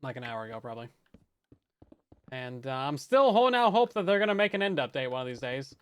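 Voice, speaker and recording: Brief: smooth-voiced man chatting on a game stream. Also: medium pitch, very animated, fast. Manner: chatty, joking, often repeats words as he restarts. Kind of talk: casual live-stream chat while gaming.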